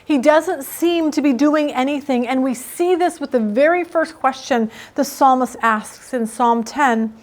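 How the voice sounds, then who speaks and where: A woman's voice: sits high, a little slow, hardly any pauses. A middle-aged woman teaching a Bible study in a casual, emphatic, storytelling way.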